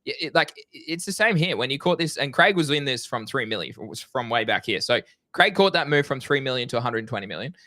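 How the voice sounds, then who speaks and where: A young man co-hosting a casual crypto trading live stream, energetic and slangy. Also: medium pitch, quick pace, hardly any pauses, dry recording, clean studio sound. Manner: energetic, excitable, slangy, swears.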